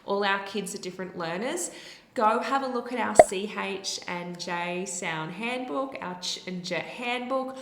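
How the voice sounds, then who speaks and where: A woman's voice: mid-range voice, a little slow, heavy background noise. Woman, speech therapist, instructional, encouraging, demonstrates sounds, echoey room. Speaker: speech-language pathologist. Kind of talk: instructional explanation. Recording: roomy echo.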